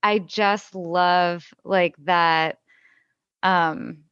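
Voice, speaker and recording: A woman co-hosting a film podcast, her voice lowish and smooth, speaking thoughtfully and at times slowly and hesitantly. The recording is dry and a little dull, as if the highs are cut. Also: fairly even intonation, a bit bright, no echo. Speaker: podcast co-host. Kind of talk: casual film discussion.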